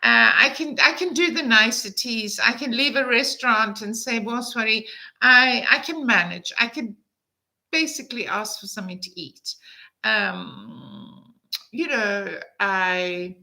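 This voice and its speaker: Woman in her 50s, travel vlog, chatty and gushing, bright tone, pitched a bit high. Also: unhurried, gravelly, low-quality recording. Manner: chatty and enthusiastic, with frequent fillers. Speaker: travel vlogger. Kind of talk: casual storytelling to camera.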